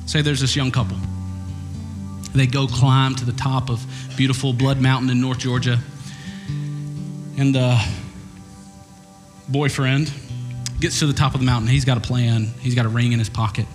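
A man's voice: medium pitch, flat delivery, normal speed, pauses often. A man preaching a sermon, conversational and humorous, slipping into acted voices. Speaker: pastor. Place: church sanctuary. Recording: church hall reverb with guitar playing.

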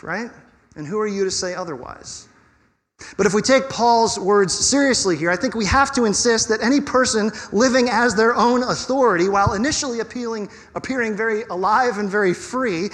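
A man preaching a sermon as pastor, conversational and animated, asking his listeners rhetorical questions. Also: sits high. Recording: long reverb of a hall.

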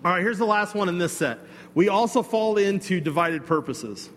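A man preaching a sermon, telling a personal story in a conversational, animated way with asides to the congregation. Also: high-pitched, moderate pace, big-room sound. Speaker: pastor.

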